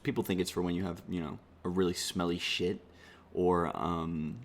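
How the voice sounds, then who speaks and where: A man's voice: sits low, fairly even intonation, normal speed. A young man giving rambling, sarcastic comedy commentary and swearing freely. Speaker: comedy YouTuber.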